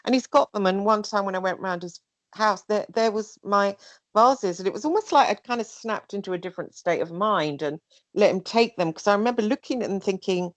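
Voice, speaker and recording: A woman telling a personal story in casual chat, rambling and animated, sometimes mimicking other people. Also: mid-range voice, a little fast, no room sound. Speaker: guest.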